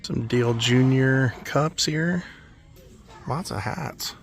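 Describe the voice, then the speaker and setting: A man vlogging as he walks through an indoor antique mall, making relaxed offhand remarks and chuckling at the finds. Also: mid-range voice, slow pace, soft background music. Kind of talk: casual walkthrough commentary.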